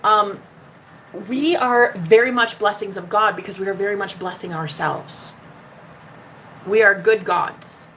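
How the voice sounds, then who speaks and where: A woman's voice: mid-range voice, unhurried, bright, forceful tone, slight background noise. A woman hosting a casual spiritual livestream, reading out chat messages with a bubbly, teasing manner, swearing freely and laughing often. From United States.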